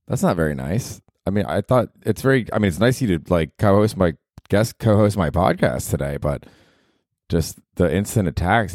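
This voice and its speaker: A man in his forties talks dryly and a little sheepishly as he hosts a comedy podcast. His pitch moves in a lively way, and the sound is close and dry, as from a small apartment. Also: a little fast, no echo. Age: 40s. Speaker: podcast host.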